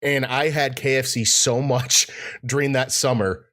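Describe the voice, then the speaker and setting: Speaking a little slowly with fairly even intonation, a man co-hosting a podcast chats casually in a mid-range, somewhat bright voice. He rambles, often using fillers and restarting his sentences.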